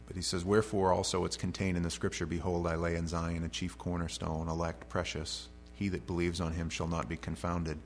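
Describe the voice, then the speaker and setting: A man's voice: sits low, level tone, brisk, few pauses. A man preaching a verse-by-verse sermon, reading scripture aloud and then paraphrasing it in casual, modern speech. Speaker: pastor. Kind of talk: expository sermon. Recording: faint mains hum.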